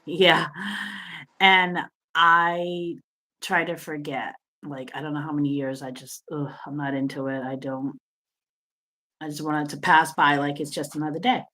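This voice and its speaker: A woman in her fifties speaking hesitantly on a video call, pausing often with sighs and small laughs. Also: low-pitched, flat delivery, sharp tone, rough recording. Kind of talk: casual chat.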